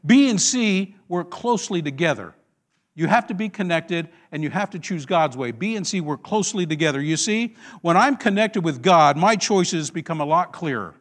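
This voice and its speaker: Guy pastor giving a sermon, pretty high voice, storytelling w/ lots of questions to the crowd. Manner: animated storytelling with call-and-response questions.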